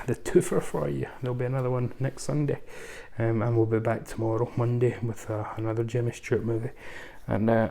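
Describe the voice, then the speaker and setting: A man with a gravelly, dark, medium-pitched voice hosts a relaxed film review on his channel. His talk wanders, peppered with ums, restarts and chatty asides.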